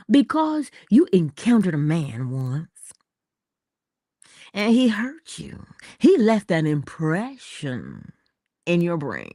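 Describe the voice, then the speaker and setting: Playful woman doing a pep talk, lower voice, swoops all over the place. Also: takes it slowly, long pauses, no echo, studio quality. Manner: animated, playful, theatrical. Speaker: inspirational speaker. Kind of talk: motivational talk.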